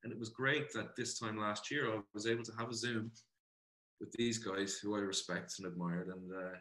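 This Irish actor, sitting on the low side of the pitch range and speaking at normal speed, is lively and talkative in a casual interview. He peppers his speech with "you know" and calls his interviewer brother. The recording sounds roomy and echoey.

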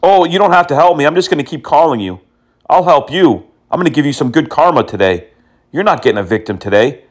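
Guy trolling scam callers, teasing and mocking, kinda high voice, swings up and down a lot. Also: lively intonation, fast. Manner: teasing, mocking, drops in Hindi words and insults. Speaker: scam-baiting prank caller. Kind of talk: mocking prank phone call.

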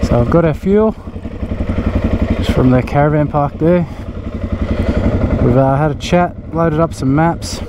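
An Australian man narrating his motorcycle trip in a relaxed, rambling way, outdoors on a camera mic. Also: on the high side, measured pace, pauses often. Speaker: motorcycle vlogger. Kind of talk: casual vlog narration. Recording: loud wind and engine noise.

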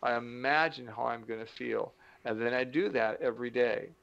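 Middle-aged male motivational speaker, gravelly, animated delivery with acted-out asides; slightly muffled recording. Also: mid-range voice. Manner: animated, acts out little dialogues with the brain; slows down to stress key points. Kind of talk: motivational talk to camera.

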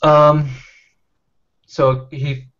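A man leading a casual online book discussion, talking haltingly with many fillers and restarts. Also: a little high, level tone, a bit bright. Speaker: discussion leader. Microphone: webcam or computer mic on a video call. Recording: lo-fi video call audio.

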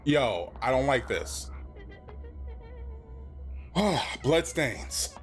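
A man's voice: mid-range voice, sing-song, drawn-out words, faint music behind. A man playing a horror game and commenting, jumpy and nervous, swearing and reading the on-screen text aloud. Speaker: let's play host.

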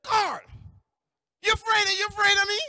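Man playing a brash shouting woman supervisor, very high voice, hall echo. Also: flat delivery, moderate pace, clean studio sound, full character voice. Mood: teasing. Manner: shouting, pushy, bossy. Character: loud hyped-up female work supervisor.

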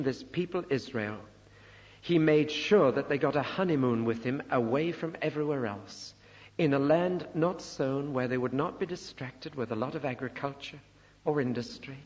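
A man's voice: medium pitch, normal speed. Older man preaching in a reverberant hall. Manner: emphatic, rising sharply on rhetorical questions. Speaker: Bible teacher. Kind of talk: sermon. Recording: muffled recording in a reverberant hall.

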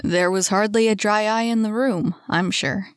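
A woman's voice: fairly even intonation, moderate pace, no room sound, studio quality, close to an everyday voice. Woman putting on a wry, modest young man. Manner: lowered, firm, gently teasing.

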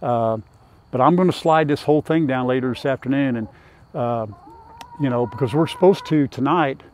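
A man's voice: mid-range voice, moderate pace, darkish tone. An older man chatting folksily in a farm vlog, talking to his chickens and viewers outdoors by a pen on a lapel mic. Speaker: farm vlogger. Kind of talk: casual farm vlog talk.

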